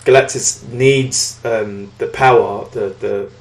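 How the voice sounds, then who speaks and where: A man's voice: fairly low pitch, steady tone, takes it slowly. Rambling man recapping comics, echoey room. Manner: rambling, acts out characters' lines. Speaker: podcast co-host. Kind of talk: casual comic book recap.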